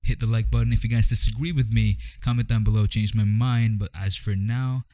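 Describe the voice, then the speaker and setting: Young guy from the philippines riffing in his vlog, lowish mellow voice, kinda wry and rambly. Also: steady tone, fairly quick, no room sound. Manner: wry, rambling, jokey asides. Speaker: vlogger. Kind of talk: casual commentary vlog.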